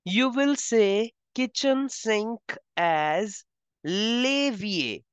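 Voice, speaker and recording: A woman teaching French vocabulary, speaking slowly and carefully and repeating each word twice. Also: on the high side, smooth, no echo, dull audio. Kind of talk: vocabulary lesson.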